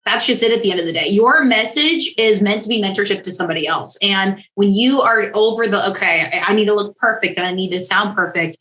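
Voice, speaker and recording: A woman guest talks casually about being on camera, upbeat and encouraging like a coach. Her voice is bright and forward, and the room around her rings with echo. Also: mid-range voice, brisk, few pauses. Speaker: guest, on-camera confidence consultant. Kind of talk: casual interview chat.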